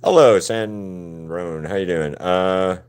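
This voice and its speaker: A man with a deep, low voice chats loosely with his viewers during a live painting stream. He rambles, stays laid-back, and swears freely as he goes. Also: slow, a little mellow, smooth. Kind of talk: casual livestream chat with viewers.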